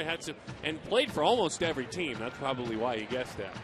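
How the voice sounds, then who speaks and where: A man's voice: on the high side, moderate pace, few pauses, background noise. A man calling a baseball game play by play, chatty and jokey, lifting his voice on big plays. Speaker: play-by-play announcer. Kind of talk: baseball TV commentary.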